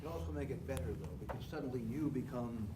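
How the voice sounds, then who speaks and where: Hesitant man in a noisy room. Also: medium pitch. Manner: halting, searching for words. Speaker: student.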